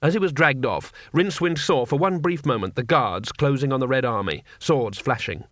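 A man narrating a comic fantasy audiobook with measured, wry timing. His voice sits at a middle pitch. The recording is dry and close. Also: animated, fairly bright tone, dry recording. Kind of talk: audiobook reading.

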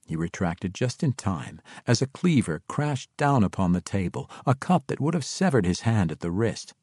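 A man narrating a fantasy novel in expressive storytelling style. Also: lowish voice, normal speed, breathy edge, no echo, clean studio sound. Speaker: audiobook narrator.

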